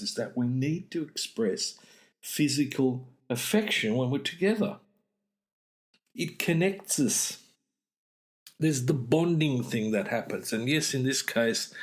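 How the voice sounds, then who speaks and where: A man, hosting a podcast and giving casual, direct relationship advice, acting out small exchanges as he goes. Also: fairly low pitch. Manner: direct, conversational, acts out little dialogues. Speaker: relationship coach and podcast host.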